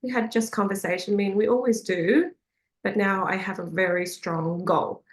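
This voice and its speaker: Woman, medium pitch, casual storytelling, hesitant fillers, echoey room. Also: fairly even intonation, normal speed. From Australia. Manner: chatty, hesitant with frequent fillers, laughs often. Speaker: faith group meeting leader. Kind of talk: casual personal storytelling talk. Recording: roomy echoey sound.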